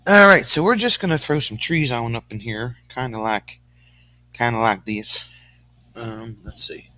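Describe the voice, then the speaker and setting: A man's voice: mid-range voice, a little slow, bright, forceful tone, dry recording. A man giving a casual, joking painting lesson on a live stream, rambling with lots of fillers and breaking into song now and then. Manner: goofy, sings snatches of song, puts on a folksy drawl; rambling, many fillers like "kinda, like". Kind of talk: casual painting demo with jokes.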